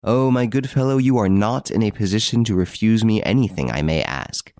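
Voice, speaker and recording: A man's voice: on the low side, lively intonation, fairly quick, a little mellow, no echo, pitched above the performer's own voice. A man reading an audiobook, voicing a cool, menacing middle-aged ex-detective who speaks in a dry, hard, precise way. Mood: cold, assured.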